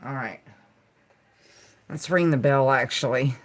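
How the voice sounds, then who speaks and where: A woman hosting a healing livestream, speaking soothing affirmations and chatting casually with soft, giggly asides. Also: a bass voice, unhurried. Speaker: livestream host.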